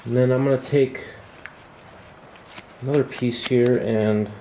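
A man walking through a model glider build at home at night, thinking aloud in a relaxed, self-deprecating way. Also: medium pitch, measured pace, a little hiss or hum. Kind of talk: hands-on build tutorial.

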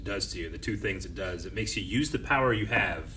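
A man co-hosting a casual reaction discussion. He laughs readily and thinks out loud about what he has watched. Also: sits low, a little fast, far from the mic, slight background noise. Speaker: co-host.

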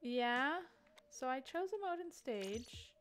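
A woman's voice: high-pitched, lively intonation, slow pace, fairly bright tone, clean tone. A woman hosting a casual gaming stream, reading out donations and laughing often. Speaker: stream host. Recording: faint music behind.

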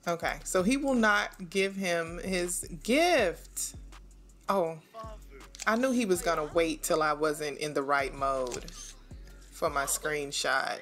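Slow-talking woman gaming host. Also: lowish voice, a bit bright, faint music behind. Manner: chatty, laughs often, talks to viewers as y'all. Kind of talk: casual let's-play commentary.

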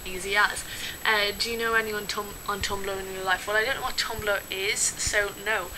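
A young woman from Dublin with a clear Dublin Irish accent, chatting her way through an accent challenge. She giggles and fills gaps with "um," and her voice sits at an ordinary middle pitch. The home recording has steady background noise and some clicks. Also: moderate pace. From Dublin, Ireland. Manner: chatty, giggly, scattered with fillers. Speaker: vlogger. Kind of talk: casual word-list accent challenge.

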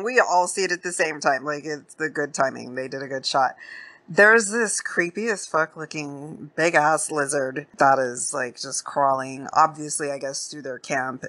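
A woman hosting a podcast, recapping a film scene in a slangy, profane, animated way. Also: low voice. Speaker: podcast host. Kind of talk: casual movie recap.

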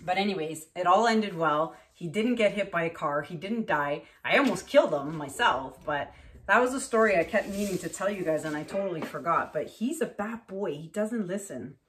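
A middle-aged woman from Canada, painting on camera and telling a story in a casual, animated way, acting out the voices of the people in it. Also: lowish voice, normal speed. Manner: animated, acts out voices in her stories. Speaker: acrylic pour painter.

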